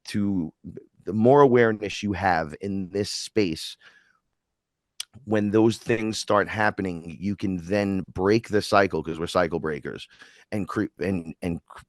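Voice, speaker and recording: Animated low-voiced man on a panel. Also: dry recording, clean studio sound. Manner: animated and rambling, acting out quoted exchanges. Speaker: spiritual panel guest. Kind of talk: casual panel discussion.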